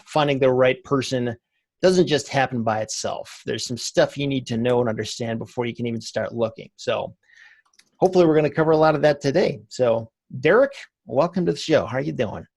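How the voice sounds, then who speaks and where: A man's voice: medium pitch, gravelly, a little mellow, no room sound. A man hosting an interview podcast, chatting casually and filling his talk with "like". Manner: conversational, loose with fillers like "like". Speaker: podcast host.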